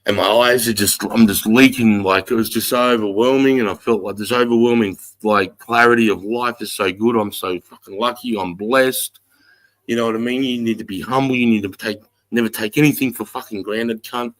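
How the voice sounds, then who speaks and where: Deep-voiced Australian man, rambling and profane. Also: a little fast. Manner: rambling, profane, animated retelling. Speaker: livestream host. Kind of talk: casual storytelling on a livestream.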